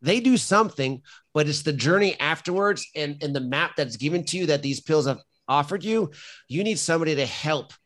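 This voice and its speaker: A man's voice: on the high side, expressive, fairly quick, a bit bright. A middle-aged man, a firefighter and company founder, talks as a podcast guest in a casual interview. He speaks bluntly and emphatically, and he often restarts his sentences.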